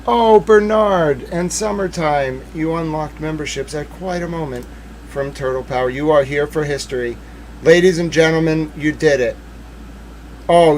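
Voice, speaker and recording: A young man hosting a true-crime livestream, reading court papers aloud and swinging from hushed muttering to outbursts of shouting. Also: a little high, slight background noise, rough recording. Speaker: livestream host.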